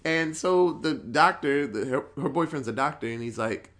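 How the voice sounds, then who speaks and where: Rambling, profane man with a higher voice. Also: animated, normal speed, a bit bright. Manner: rambling, profane, filler-heavy storytelling. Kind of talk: casual chat recapping horror movies.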